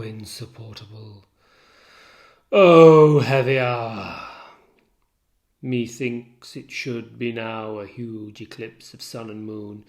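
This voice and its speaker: A man reading the part of a tormented, jealous general, declaiming verse and swinging between hushed and loud lines. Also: medium pitch, pitched below the performer's own voice. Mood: anguished. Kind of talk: dramatic reading of a play.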